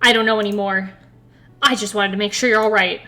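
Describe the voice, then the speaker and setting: A woman's voice: medium pitch, fairly even intonation, fairly quick, bright, forceful tone. A woman streaming a game, giggly and playful in casual chat.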